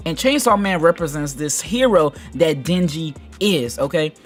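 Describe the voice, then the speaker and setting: Male anime commentator, slightly high pitch, loose rambling delivery, soft music bed. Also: normal speed. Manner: rambling, filler-heavy, animated. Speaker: anime video host.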